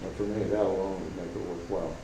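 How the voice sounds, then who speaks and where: A club member with a low voice and steady tone talks fast as he chats casually about his telescope setup. He's hesitant, with many fillers and restarts, and a faint hum runs through the roomy meeting hall.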